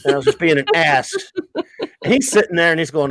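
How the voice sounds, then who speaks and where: A middle-aged man with a fairly high voice tells long, rambling, profane stories in a casual host's chat. His voice sounds dry and close, with no room around it. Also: fast talker, fairly bright tone, dry recording. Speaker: livestream host.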